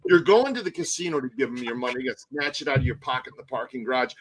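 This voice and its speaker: A man's voice: medium pitch, lively intonation, rapid-fire, few pauses, low-quality recording. A man hosting a live stream, ranting animatedly in casual chat and swearing often. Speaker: tour guide and live stream host.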